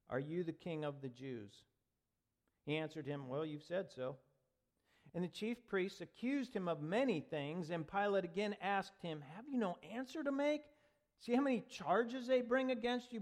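A man preaching a sermon as pastor, reading scripture aloud and building to forceful, dramatic emphasis. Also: on the high side.

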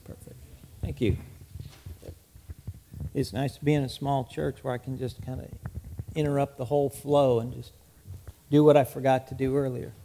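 A man's voice: medium pitch, little pitch movement, normal speed, pauses often, dark tone, a little hiss or hum. A male pastor preaching a sermon in a small church, earnest and prone to repeating words as he goes.

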